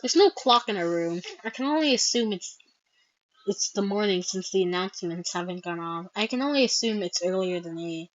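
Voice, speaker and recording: A woman reading a fan comic aloud and reacting, excitable and quick to squeal and laugh. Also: medium pitch, no room sound. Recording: slightly dull lo-fi mic.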